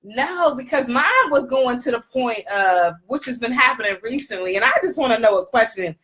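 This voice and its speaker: A woman's voice: fairly high pitch, normal speed, a little hiss or hum. A woman co-hosting a casual gossip show, telling stories animatedly, laughing and acting out what others said. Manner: animated, laughing, acts out quoted voices. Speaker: co-host.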